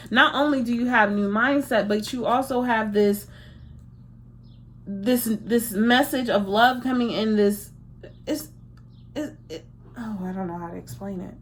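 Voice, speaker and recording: A woman in her thirties talks through a casual tarot reading in a medium-pitched voice. She is emphatic and repeats herself, restarting her sentences as she goes. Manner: emphatic and repetitive, full of restarts. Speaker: tarot reader. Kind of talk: casual spiritual card reading.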